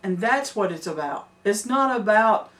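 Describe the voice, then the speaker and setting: An older homesteading woman, talking earnestly and with emphasis, quick to laugh. Her voice is mid-pitched and picked up from a little way off the mic. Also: lively intonation. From Middle Tennessee. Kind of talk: casual chat. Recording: distant mic.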